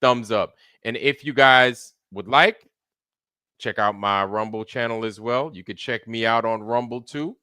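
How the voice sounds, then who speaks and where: A man's voice: medium pitch, measured pace, bright, forceful tone, clear, resonant tone, dry recording, studio quality. A man hosting a casual live stream, loose and slangy, greeting viewers by name in a running roll call. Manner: greets viewers by name one after another. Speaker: livestream host.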